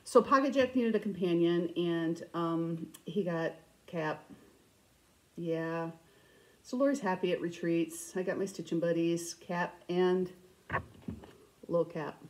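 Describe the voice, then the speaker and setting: A middle-aged woman hosting a cross-stitch vlog, chatting casually and telling stories with animated, self-mocking humor. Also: on the low side, slow, pauses often, a little hiss or hum, poor audio. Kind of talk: casual storytelling chat.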